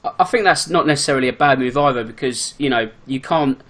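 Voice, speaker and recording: A man talks football in a relaxed podcast chat at a brisk clip. His pitch sits in the middle, and his sentences tumble along with plenty of fillers and restarts. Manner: quick, chatty, full of fillers. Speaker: podcast guest, football fan. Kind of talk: casual chat.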